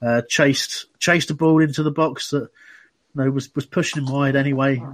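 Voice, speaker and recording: A man's voice: medium pitch, steady tone, normal speed, dry recording. A man hosting a casual fan podcast, chatty and full of restarts. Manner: chatty, many restarts and "you know"s. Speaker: podcast host.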